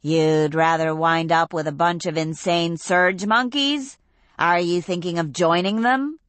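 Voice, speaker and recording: A woman's voice: lowish voice, a little slow, a bit bright, dry recording. Reckless teen leader, woman narrator; confident, commanding. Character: bold teenage girl, reckless leader.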